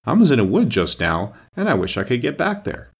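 A man reading the part of a frightened, impatient little girl in a storybook, lifting his voice higher. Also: wildly swooping pitch, a little fast, vocal fry, slightly rough, exaggerated voice. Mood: anxious.

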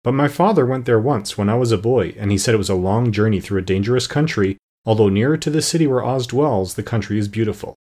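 A kindly man made of tin from a storybook, calm and measured, as read by a male narrator. The voice sits low and slightly husky. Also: lightly acted.

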